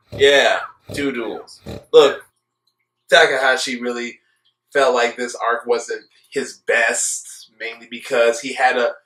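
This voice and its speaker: A young man with a fairly high voice rants his way through a casual review, sarcastic and exasperated, leaning hard on words he wants to stress. The recording has a noticeable roomy echo. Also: a bit bright. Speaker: anime reviewer. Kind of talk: casual ranting commentary.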